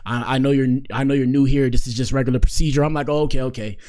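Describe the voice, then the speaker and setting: A soft-spoken man in his twenties, a podcast host telling a story in a slangy, rambling way and repeating phrases for effect. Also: mid-range voice, steady tone, fast talker. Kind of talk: casual storytelling.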